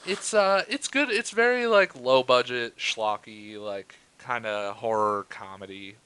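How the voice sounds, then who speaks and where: A man's voice: mid-range voice, a little slow, pushed and bright, clean tone. A man co-hosting a casual movie chat, giving short agreeing replies and laughing easily. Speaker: co-host.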